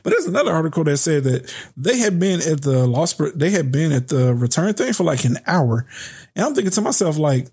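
Fired-up male podcast host, young, slightly high voice, heavy swearing. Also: big pitch swings, brisk, darkish tone, breathy edge. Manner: heated and profane, swears heavily. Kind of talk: reading a news story, then ranting.

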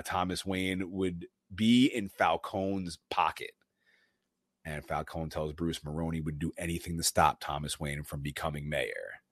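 On a studio-quality recording with no room sound, a deep-voiced man co-hosts a podcast. He gives a casual movie recap, retelling the film's plot scene by scene in an animated way and acting out the characters' lines.

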